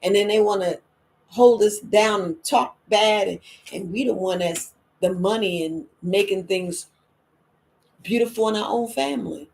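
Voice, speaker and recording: A middle-aged woman, hosting a wellness podcast in a lively, emphatic monologue. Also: measured pace, gravelly. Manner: lively and emphatic, with quoted voices and sudden high exclamations. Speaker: herbalist and podcast host. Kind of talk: casual spoken monologue.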